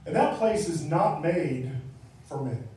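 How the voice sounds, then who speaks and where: A man's voice: a little high, lively intonation, slow, a little mellow. A man doing a stand-up comedy set in a small club, chatty and teasing the crowd. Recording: echoey club from far off.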